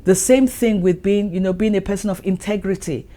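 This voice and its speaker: A woman's voice: medium pitch, fairly quick, dark tone. A woman hosting her own channel, giving an earnest motivational talk and repeating her points for emphasis. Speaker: channel host.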